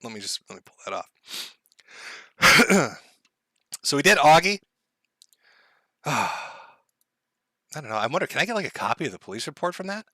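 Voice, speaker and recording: A man hosts a livestream from his home, talking in a loose, sarcastic ranting style full of laughter, swearing and mock-tragic asides. His voice is bright and a little high, and his pitch swings widely. The sound is dry and close, with no room echo. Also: big pitch swings, normal speed, long pauses. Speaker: livestream host. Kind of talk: casual livestream rant. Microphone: headphones and desk mic.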